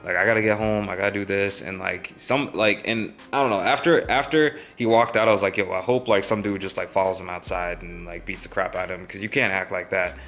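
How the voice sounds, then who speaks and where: A man's voice: low-pitched, steady tone, fairly quick, few pauses, fairly bright tone, faint music behind. A young man vlogging, telling a story in a rambling, casual way with many fillers.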